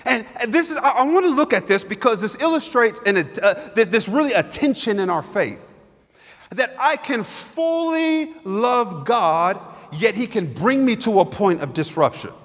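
Man preaching, very high voice, emphatic repetition, long church reverb. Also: expressive, unhurried, fairly bright tone. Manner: emphatic, repetitive, builds with rhetorical questions. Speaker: guest preacher. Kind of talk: sermon. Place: church sanctuary.

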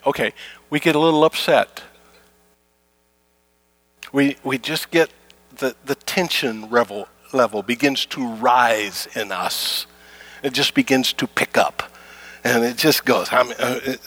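A man's voice: medium pitch, measured pace, fairly bright tone, no room sound. A middle-aged man preaching a conversational sermon to his congregation, repeating his key phrases and acting out everyday complaints. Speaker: pastor.

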